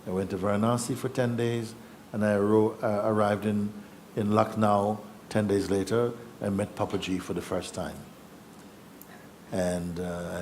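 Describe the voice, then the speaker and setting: Middle-aged male spiritual teacher, low voice, unhurried storyteller who chuckles and acts out voices, faint room noise. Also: a little mellow. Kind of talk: storytelling talk at a gathering. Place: yoga festival gathering.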